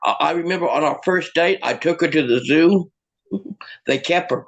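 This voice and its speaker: A man doing a stand-up comedy set, with deadpan one-liners and halting restarts. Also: a little high, creaky, muffled recording.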